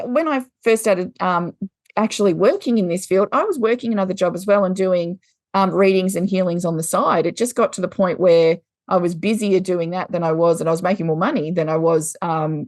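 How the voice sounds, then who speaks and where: A woman's voice: fairly low pitch, moderate pace, a little mellow, dry recording, studio quality. A woman with an Australian accent, a guest on a podcast, chatting casually, swearing freely and laughing often. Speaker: guest, intuitive card deck creator.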